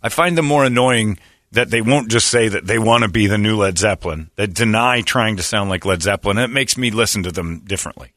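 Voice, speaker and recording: Male talk-radio host, sarcastic ranter, bright forceful tone, dry close-mic sound. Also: on the low side, fairly quick, no room sound. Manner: sarcastic, mocking, reads quotes in put-on voices. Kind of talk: casual talk radio banter.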